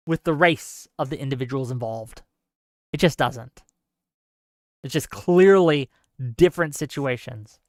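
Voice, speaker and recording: A talk show host with a smooth, clear voice who argues point by point, firmly rebutting viewer comments and checking in with quick tag questions. The sound is dry and close, with almost no room behind it. The pitch sits in an ordinary middle register. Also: no room sound. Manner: argumentative, emphatic, rebutting points; frequent tag questions and fillers. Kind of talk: live call-in commentary, reading viewer comments.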